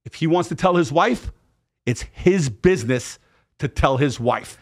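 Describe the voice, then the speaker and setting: Gravelly man telling a profane story. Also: on the high side, unhurried. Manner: profane, animated, acts out quoted dialogue. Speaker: podcast guest. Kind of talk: casual storytelling.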